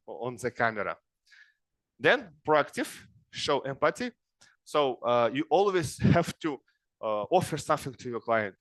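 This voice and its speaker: A middle-aged man from Kazakhstan gives an informal lecture in broken English. His voice sits somewhat high for a man. The recording is dry and close, and he keeps tagging "yes?" onto his points. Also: fairly bright tone, no room sound. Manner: broken English, frequent "yes?" tag questions. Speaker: speaker advising young people.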